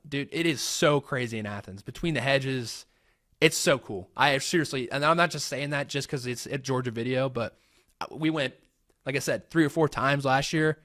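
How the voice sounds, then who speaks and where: A man's voice: mid-range voice, a bit bright, no room sound. Easygoing young American man, dry sound. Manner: easygoing, rambling with fillers and restarts. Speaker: host. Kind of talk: casual Q&A vlog.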